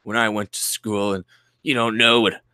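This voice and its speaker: A man's voice: on the low side, flat delivery, sharp tone, smooth, no room sound, clean studio sound. A man putting on a self-pitying, whining older man to mock him. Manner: mocking, slow self-pitying whine.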